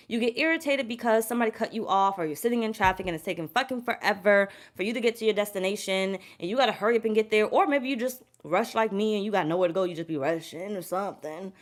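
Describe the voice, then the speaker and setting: Talking fast with few pauses, a woman does a relaxed live tarot reading in an ordinary, mid-range voice. She swears freely, wanders, repeats her points, and keeps breaking off to say hello to people in the chat.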